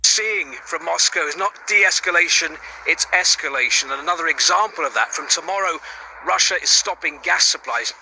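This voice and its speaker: A man's voice: on the high side, moderate pace, creaky, bright, forceful tone, slight background noise, poor audio. A male news editor reporting seriously and analytically for broadcast news.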